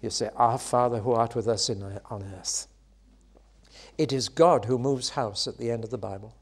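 A man preaching a sermon, expressive, building to loud, high exclamations and dropping back to soft, quiet lines. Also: moderate pace, husky.

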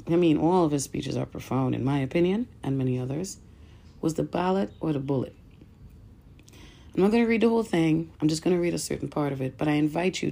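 A woman with a low, gravelly voice hosts a podcast and speaks straight to her listeners. Her tone is mellow and dark. She reads aloud with earnest emphasis and stumbles now and then. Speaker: podcast host. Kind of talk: podcast commentary and reading aloud.

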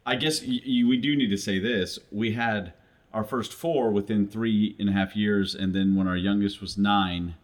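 Laid-back self-deprecating man, low voice. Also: fairly even intonation, moderate pace. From Texas. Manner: self-deprecating, laughs often. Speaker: guest, traveling minister. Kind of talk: casual chat. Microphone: video call.

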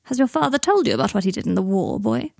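A blunt, probing older woman, voiced by a narrator in a storybook reading. She speaks abruptly and coldly. The tone is mellow and the recording is dry. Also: mid-range voice, big pitch swings, fast talker, vocal fry, no echo, exaggerated voice. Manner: abrupt, cold.

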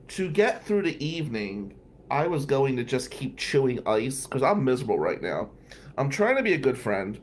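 A man's voice: mid-range voice, sing-song, moderate pace, a little hiss or hum. Wry man telling a rambling story. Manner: digressive, profane, wry asides. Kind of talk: casual storytelling monologue.

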